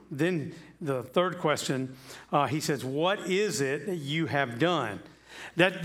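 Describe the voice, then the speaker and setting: Pastor, male, voice on the higher side, delivers a relaxed, chatty sermon full of rhetorical questions. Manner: chatty, asks rhetorical questions, repeats himself. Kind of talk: conversational sermon. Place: church sanctuary.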